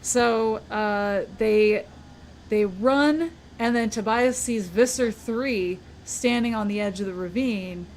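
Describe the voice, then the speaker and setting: A woman's voice: fairly high pitch, takes it slowly, a little hiss or hum. A woman co-hosting a podcast, casually retelling a book's plot and acting out the characters' lines. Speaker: podcast co-host. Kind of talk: casual book discussion.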